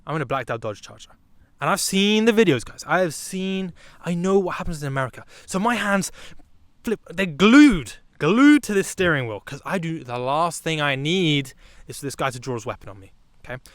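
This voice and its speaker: A young British man narrates a comic storytime vlog in a lively, animated way, jumping into sudden loud bursts. His voice sits a little high for a man. The sound is dry, with no room around it. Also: brisk, no echo. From Britain. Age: young adult. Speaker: vlogger.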